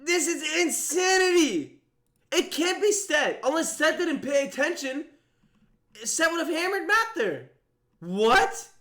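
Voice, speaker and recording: Excitable high-voiced young man streaming. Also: slow. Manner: excitable, exclaiming in disbelief, thinking aloud. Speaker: streamer playing and commentating an online mafia game. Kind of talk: live game commentary.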